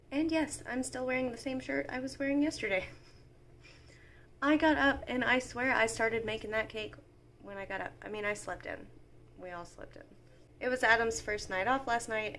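A woman's voice: mid-range voice, a little hiss or hum. A woman, talking casually and sentimentally to the camera at home as a mom vlogger. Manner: chatty and sentimental, talks straight to the viewer.

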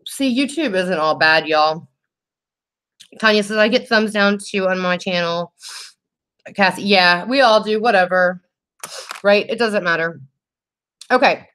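A young woman hosting a casual makeup livestream, reading viewer comments aloud and talking in a warm, teary, laughing way. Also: mid-range voice, measured pace, long pauses. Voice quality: emotional, teary and laughing, says y'all.

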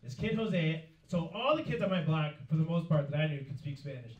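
A man's voice: on the high side, expressive, brisk, lo-fi sound. A young man doing a stand-up comedy set on a club stage, telling stories in a sheepish way and acting out the other people in them. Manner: sheepish storytelling, acts out other people's lines. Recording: echoey club with noise, from a distance. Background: audience laughter.

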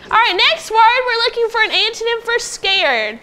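A woman teaching a phonics lesson to young pupils in a classroom, patiently prompting them and sounding out words slowly. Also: extremely high pitch, very animated, bright, forceful tone. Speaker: elementary school teacher.

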